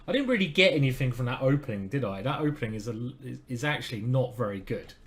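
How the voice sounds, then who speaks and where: A man's voice: medium pitch, sing-song, fast talker. A man streaming live, commenting on his chess games and chatting to viewers with self-deprecating asides.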